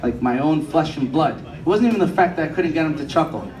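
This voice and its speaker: A man's voice: on the high side, lively intonation, quick pace, a crowd in the background. A young man performing a stand-up comedy set, telling profane stories and acting out the people in them. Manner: profane storytelling, acts out quoted people. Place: comedy club stage. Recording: echoey room, mic from a distance, audience laughter. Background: audience laughing.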